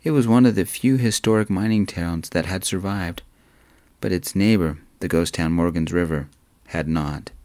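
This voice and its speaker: Low-voiced guy reading a story real softly and calmly, dry close sound. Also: moderate pace, no room sound. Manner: calm, even, soft-spoken. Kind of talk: soft-spoken story narration.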